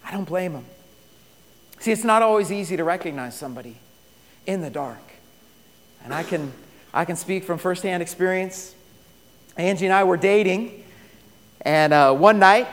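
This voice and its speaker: A man preaching a sermon, telling stories and swinging from loud bursts to hushed, quiet passages. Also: sits high, in a large hall. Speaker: pastor.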